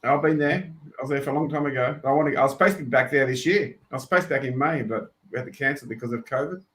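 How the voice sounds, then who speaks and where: A man's voice: mid-range voice, rapid-fire, a bit bright, poor audio. An easygoing Australian man from Western Australia chatting as co-host of a live stream on his laptop webcam. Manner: easygoing, laughs often. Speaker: livestream co-host. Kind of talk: casual live-stream chat.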